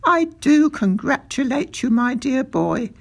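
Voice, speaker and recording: A reader voicing a tiny, excitable old country doctor, raising the voice high and stretching out the exclamations. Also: creaky, slightly rough, full character voice. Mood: excited. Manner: high, gushing and slowly drawn out.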